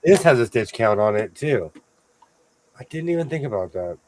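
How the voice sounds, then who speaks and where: A man hosting a sewing show, chatting casually with playful, animated storytelling. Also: mid-range voice, normal speed, slight background noise. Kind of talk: casual livestream chat.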